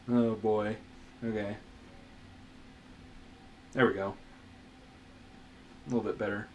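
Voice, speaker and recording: A man's voice: lowish voice, little pitch movement, slow pace, long pauses, noisy background. Man, drawing tutorial, talks while sketching, rambly, mutters to himself, self-mocking, swears casually. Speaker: art tutor.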